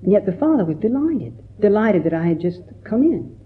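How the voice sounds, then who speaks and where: A man, a Buddhist monk, giving a gentle, reflective dharma talk and telling stories with quoted voices. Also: sits high, big pitch swings, a little fast. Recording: tinny phone-like recording.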